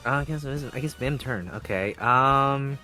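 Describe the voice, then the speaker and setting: Hesitant, bright-voiced man player. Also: mid-range voice, moderate pace, soft background music. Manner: hesitant, filler-heavy questions. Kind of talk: casual tabletop play.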